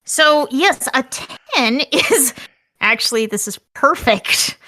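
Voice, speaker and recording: A woman's voice: sits high, expressive, takes it slowly, pushed and bright, no room sound, studio quality. A woman running a tabletop game as game master, laying out options step by step in an upbeat way.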